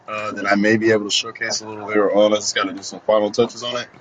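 A man's voice: lowish voice, flat delivery, rapid-fire, crowd noise, low-quality recording. A man co-hosting a casual comedy podcast, laughing often as he acts out silly made-up scenarios. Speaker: podcast co-host.

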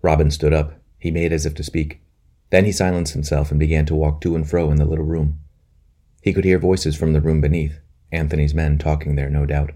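A man narrating a historical novel, measured and earnest. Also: rumbling low, little pitch movement, warm tone. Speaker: audiobook narrator. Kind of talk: scripted narration.

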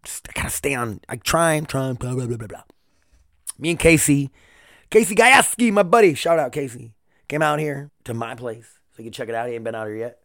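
A man's voice: medium pitch, lively intonation, fairly quick, a bit bright, no room sound, clean studio sound. A man hosting his own podcast, rambling and swearing in a confessional solo monologue at home. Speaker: podcast host. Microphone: single podcast mic.

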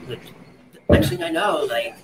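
A man, a waiter, telling a wild story in a casual chat, animated, laughing and restarting as he acts out quotes. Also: medium pitch, a little slow, background noise. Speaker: guest, waiter. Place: bar.

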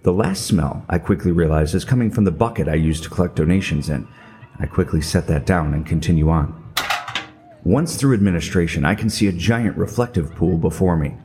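A man's voice: low-pitched, lively intonation, brisk, darkish tone, slight background noise. A middle-aged man telling a scripted comedic story in a wry, self-mocking way. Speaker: podcast narrator.

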